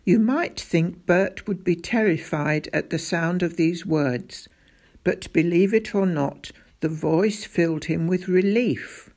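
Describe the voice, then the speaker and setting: Slow, gravelly woman narrating a storybook. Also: on the low side, darkish tone. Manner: measured storytelling. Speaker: audiobook narrator. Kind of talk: scripted narration.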